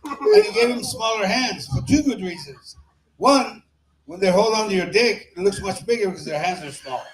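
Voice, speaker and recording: A man's voice: sits high, very animated, normal speed. A man doing a crude, rambling open-mic stand-up set in a small bar, laughing at his own jokes on a handheld mic. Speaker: stand-up comic. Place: small comedy bar stage. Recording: echoey bar room.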